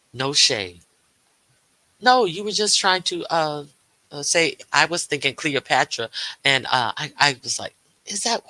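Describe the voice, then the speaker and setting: A man hosting a casual livestream rambles with plenty of fillers and restarts, reading viewers' chat aloud and responding. His mid-range voice sounds very bright. The recording is dry and the audio quality poor.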